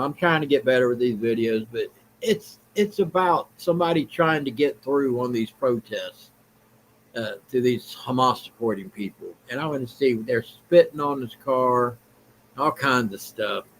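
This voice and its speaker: A man's voice: medium pitch, animated, moderate pace, slight background noise, low-quality recording. A man with a Southern US accent hosting a vlog, giving blunt, rambling opinion commentary in a plain-spoken way. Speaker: vlog host.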